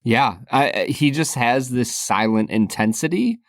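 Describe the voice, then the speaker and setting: A man's voice: medium pitch, lively intonation, unhurried, no echo, clean studio sound. A man co-hosting a podcast, talking casually and thoughtfully about a film and laughing often. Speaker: podcast co-host.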